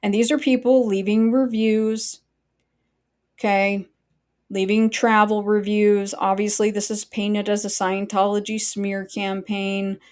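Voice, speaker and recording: This livestream host is a woman whose medium-pitched voice stays fairly flat, unhurried, and a bit mellow. Talking straight to her chat, she's blunt and profane, wandering into chatty tangents and leaning on frequent fillers.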